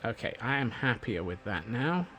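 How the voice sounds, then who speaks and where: A man's voice: medium pitch, very animated, normal speed, a bit bright, slight background noise. A Scottish man streaming a game, rambling casually and cracking self-mocking jokes. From Scotland. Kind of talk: casual gameplay commentary. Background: faint background music.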